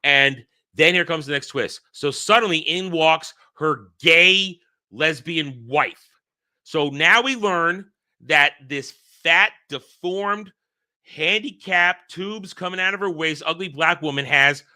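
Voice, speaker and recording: Bright, tense-voiced man ranting. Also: on the high side. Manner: rambling, heated storytelling with frequent restarts. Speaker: channel host. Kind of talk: casual solo monologue recounting a dream.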